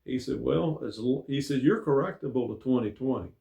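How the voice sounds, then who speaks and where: A man's voice: medium pitch, a little fast, gravelly, dark tone. Folksy man spinning a rambling yarn. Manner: rambling, folksy, with many fillers. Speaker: storyteller and show host. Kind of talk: casual spoken storytelling. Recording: echoey room.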